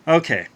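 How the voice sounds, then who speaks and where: A man's voice: on the high side, slightly rough. A man giving a casual spoken review of a comic book, exasperated and ranting, with wry laughs and frequent restarts.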